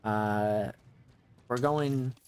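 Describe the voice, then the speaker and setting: A man live-streaming a video game, chatting casually as he plays. He rambles and often stops mid-sentence to correct himself. His voice sits at an ordinary middle pitch. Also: drawn-out words, darkish tone, clear, resonant tone. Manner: rambling, restarts mid-thought, self-correcting. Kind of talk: casual gameplay commentary.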